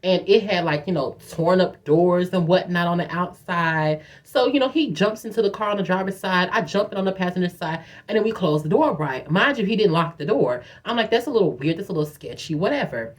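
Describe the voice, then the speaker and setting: A young woman tells a story in a casual vlog. She is animated and profane, and she acts out quotes in a higher voice. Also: brisk, hardly any pauses. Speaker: vlogger telling a story.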